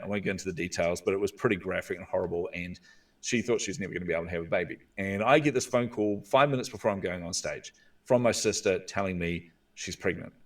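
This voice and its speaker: A man with a New Zealand accent, a guest coach telling stories in an interview and acting out inner voices with drawn-out pauses. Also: sits low, distant mic. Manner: animated, acts out inner voices with drawn-out "hmm". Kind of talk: storytelling interview talk.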